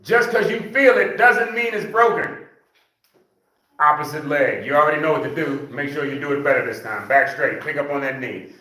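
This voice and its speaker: A man with a bright, fairly high voice leads a seniors' exercise class, counting reps out loud and coaxing the group along. He sounds far from the mic, and the room around him echoes. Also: moderate pace. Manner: counts reps aloud, coaxing with frequent "okay?". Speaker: senior fitness instructor. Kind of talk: live exercise class instruction.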